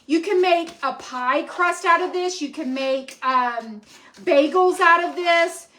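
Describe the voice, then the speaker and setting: A woman's voice: very high voice, slow, sharp tone. A woman hosting a home cooking live stream, chatting in a rambling way with lots of ums as she cooks in her kitchen. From Texas. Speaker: cooking show host.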